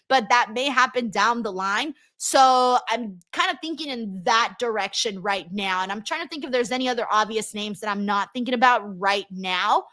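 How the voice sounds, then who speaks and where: A woman's voice: on the high side, pushed and bright. A woman hosting a casual live stream, chatting and reading viewer comments aloud with lots of ums. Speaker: host reading live chat.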